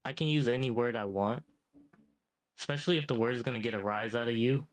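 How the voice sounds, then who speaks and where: A boastful, ancient devil, voiced by a male AI that talks down to everyone with cocky calm and keeps tossing in "mate". His pitch sits right in the middle, neither deep nor high, and his tone stays even. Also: fast, close to an everyday voice, low-quality recording. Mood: smug. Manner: smug, says "mate" a lot. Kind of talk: AI chatbot role-play.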